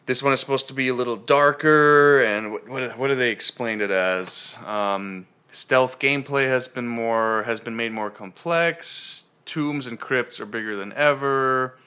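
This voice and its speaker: A man's voice: medium pitch, measured pace, few pauses, bright, forceful tone, clear, resonant tone. A man hosting a podcast in casual chat, rambling along with many fillers and restarts. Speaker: podcast host.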